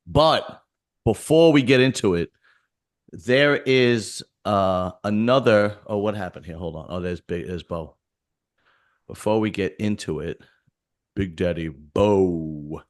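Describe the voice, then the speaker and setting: A man's voice: low voice, takes it slowly. A man hosting a casual chat show, loose and laughing often. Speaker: host.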